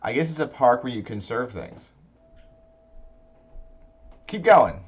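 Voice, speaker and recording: A man's voice: mid-range voice, a little fast, slightly rough. A man hosting a casual tabletop gaming podcast, rambling and restarting his sentences as he talks. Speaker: podcast host. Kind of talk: casual chat about tabletop games.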